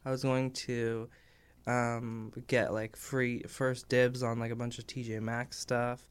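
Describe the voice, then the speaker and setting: A man in his thirties talks as a podcast guest, delivering dry, deadpan jokes in an offhand way. His voice is smooth and clean, at a middling pitch. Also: slow pace. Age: 30s. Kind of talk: casual chat.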